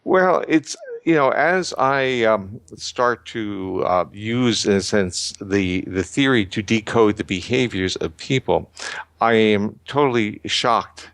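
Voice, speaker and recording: An older man giving measured, lecturing explanations as an interview guest, often restarting his sentences. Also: fairly low pitch, a bit bright, smooth, no echo. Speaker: guest researcher.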